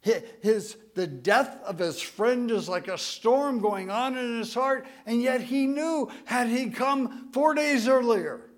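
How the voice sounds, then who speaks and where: A pastor preaching an emotional sermon to his congregation, moving between hushed, tender moments and emphatic, raised declarations and drawing the crowd in with questions. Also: very high voice, slow pace, hardly any pauses. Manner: asks the congregation for a show of hands.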